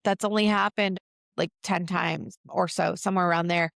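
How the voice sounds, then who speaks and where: A woman co-hosting a podcast, telling personal stories in a lively, chatty way. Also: lowish voice, moderate pace, creaky, no room sound. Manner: animated storyteller. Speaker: podcast co-host. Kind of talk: casual podcast chat.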